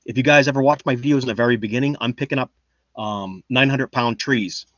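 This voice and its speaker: A man's voice: mid-range voice, fairly quick, a bit bright, no room sound, muffled recording. A man chatting casually on a livestream, reading the chat and rambling in a boastful, joking way. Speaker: livestream host.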